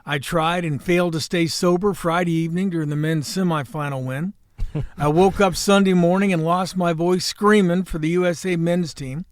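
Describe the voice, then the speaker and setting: A man in his sixties hosting a podcast, delivering a folksy, wisecracking monologue with salty language and a hoarse voice. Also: a little high, steady tone, normal speed, no echo, clean studio sound. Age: 60s. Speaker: podcast host. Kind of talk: opening monologue and casual chat.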